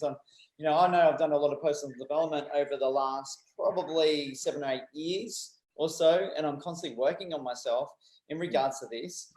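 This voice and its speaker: Man, host, casual joking chat, slightly high voice, echoey room. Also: darkish tone. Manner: laughs easily, joking.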